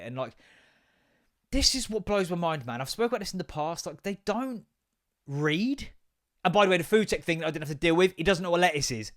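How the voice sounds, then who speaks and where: Exasperated dad ranting on his podcast, higher voice, swears a lot. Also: a bit bright. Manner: exasperated, sweary storytelling with acted-out quotes. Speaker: podcast host. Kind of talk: casual ranting monologue.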